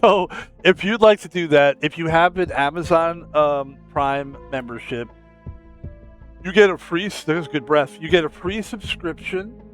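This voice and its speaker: American male streamer, casual rambling self-promoter, a bit high-voiced. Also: unhurried, soft background music. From United States.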